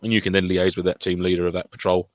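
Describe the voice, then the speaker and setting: A British man co-hosting a podcast in casual, animated chat, acting out quotes in silly voices. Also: low-pitched, fast, no echo. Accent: British English. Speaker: podcast co-host.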